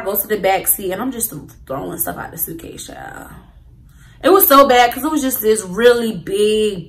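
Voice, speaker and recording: Bright-voiced young woman telling a story. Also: mid-range voice, poor audio. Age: young adult. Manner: animated, slangy, talks straight to viewers. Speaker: vlogger. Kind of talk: casual storytime.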